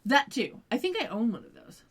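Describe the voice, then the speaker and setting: A woman co-hosting a podcast, retelling a TV episode in relaxed, agreeable casual chat. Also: a little high, brisk, slightly rough. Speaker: podcast co-host.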